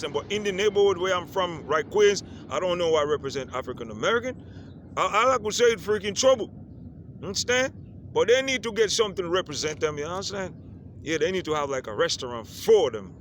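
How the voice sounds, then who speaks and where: Animated and a little quick, this Caribbean island-raised vlogger talks to the camera in a high, slightly bright voice. His relaxed monologue is peppered with repeated "you understand?" checks, recorded outside with faint street sounds.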